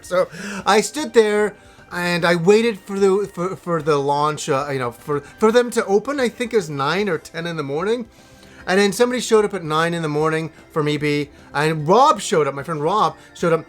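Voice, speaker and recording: A middle-aged man hosting a show, telling a long rambling anecdote in a casual, animated way and swearing now and then. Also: on the high side. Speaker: host. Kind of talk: casual storytelling to camera.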